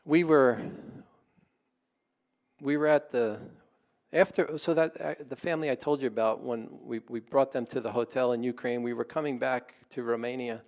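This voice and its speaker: A pastor telling a story in his sermon, in a conversational and animated way. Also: medium pitch, normal speed.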